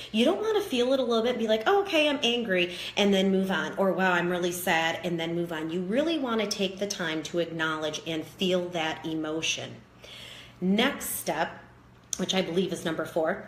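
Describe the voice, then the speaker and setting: Calm woman teaching in an echoey room. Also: lowish voice. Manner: calm, encouraging and instructive. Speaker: wellness teacher. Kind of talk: guided self-help talk. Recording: echoey room with faint background noise.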